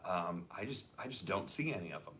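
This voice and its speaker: A man's voice: low-pitched, expressive, fairly quick, a bit bright, a little hiss or hum. Chatty man telling a story. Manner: chatty storyteller acting out quoted voices. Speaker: host. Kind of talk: casual chat about a leadership book.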